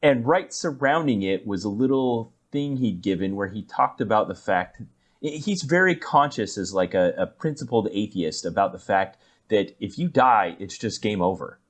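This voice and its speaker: Relaxed man explaining things on a podcast. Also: on the low side, moderate pace. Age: adult. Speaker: podcast co-host. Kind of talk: casual chat.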